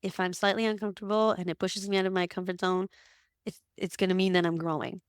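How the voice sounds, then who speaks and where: A woman in her thirties talks as a guest in a casual interview, storytelling with lots of laughter and acted-out quotes. Her voice sits at a middle pitch. The recording is dry and close, with no room sound. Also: fast talker, smooth, no room sound. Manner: animated storytelling, laughs often, acts out quotes. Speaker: guest, occupational therapist.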